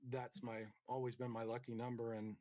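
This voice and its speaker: Brief: male interview guest, quiet, hesitant, mid-pitched. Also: little pitch movement, highs cut off. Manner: soft-spoken, halting, many fillers and restarts.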